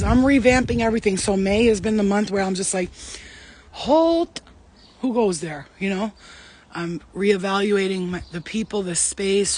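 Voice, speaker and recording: A man hosting a casual live stream as a spiritual reader, talking fast, swearing freely and joking with his viewers. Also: high voice, slight background noise. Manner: fast, profane, playful, talks straight to chat.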